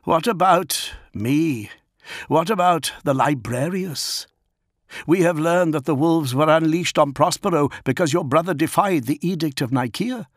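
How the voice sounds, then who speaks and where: A man's voice: a little high, measured pace, no echo, clean studio sound, pitched above the performer's own voice. A man playing an anxious, insistent adviser. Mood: urgent. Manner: urgent, pleading.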